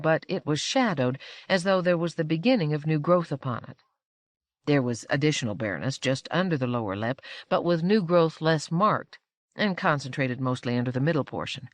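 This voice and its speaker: A woman reading a novel aloud as an audiobook narrator, with measured, expressive storytelling. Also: sits low, no room sound. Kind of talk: scripted narration.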